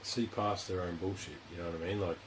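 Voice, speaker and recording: A man's voice: deep voice, fairly even intonation, fast, noisy background. An Australian man hosting a podcast in a studio, talking in a rambling, frank way with plenty of swearing and filler phrases. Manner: rambling, frank, heavy swearing, constant "you know". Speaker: podcast host. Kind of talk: casual interview chat.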